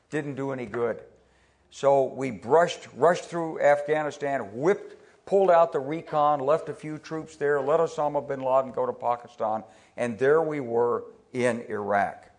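A man's voice: mid-range voice, measured pace. An older American man, a retired army officer, giving a conversational public talk full of anecdotes, restarting and repeating words as he goes. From United States. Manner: conversational, repeats words when restarting, quotes people in lively put-on voices.

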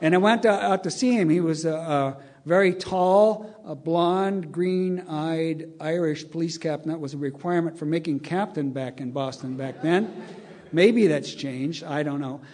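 A man's voice: on the high side, a little slow, darkish tone. An older man telling a long, wry anecdote to an audience, chuckling as he acts out the dialogue. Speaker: storyteller.

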